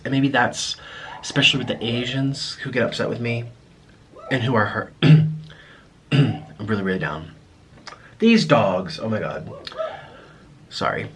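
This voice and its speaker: A young American man talking casually to his viewers at home in a rambling, halting way, full of restarts. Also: medium pitch, a bit bright, slight background noise. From United States. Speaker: mukbang vlogger. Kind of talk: casual vlog monologue to viewers.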